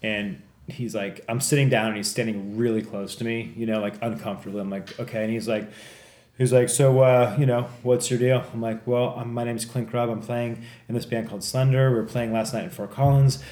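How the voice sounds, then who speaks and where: A man's voice: medium pitch, fairly quick. A man casually telling a story on a podcast, swearing a lot and acting out the people in it. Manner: profane, animated, acts out other people in the story. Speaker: podcast co-host. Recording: echoey room.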